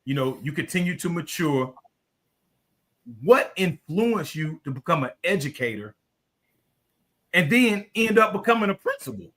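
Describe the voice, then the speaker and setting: Man, podcast host, bright slightly high voice, animated slang. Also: moderate pace, long pauses. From Southwest Atlanta. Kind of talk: casual interview chat.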